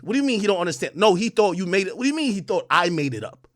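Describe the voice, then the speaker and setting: A man on a livestream, ranting loudly and profanely at a rival, swinging between shouting and calmer talk. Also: high-pitched, very fast, no echo, clean studio sound. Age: adult under 45. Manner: loud, profane, combative, swings from shouting to calm. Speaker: streamer commentator. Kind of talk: heated livestream rant.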